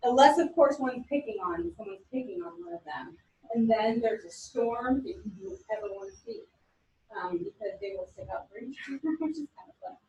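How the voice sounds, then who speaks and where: A woman in her forties teaching a class, animated and telling stories with quoted voices. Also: on the high side, moderate pace, dull audio, a little hiss or hum. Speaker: instructor. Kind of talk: classroom lecture. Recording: echoey room from a distance.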